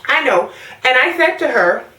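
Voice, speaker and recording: Woman, from the Caribbean, young adult, pregnant, sassy animated ranting, somewhat high voice, distant mic. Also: normal speed. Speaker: vlogger. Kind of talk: casual rant to camera. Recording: echoey, from off the mic.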